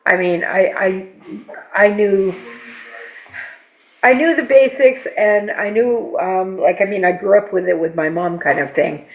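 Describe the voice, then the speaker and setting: High voiced guy, muffled lo-fi sound, kinda stumbling over his words. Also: unhurried, gravelly. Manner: hesitant, repeats himself. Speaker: student. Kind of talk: testimonial interview.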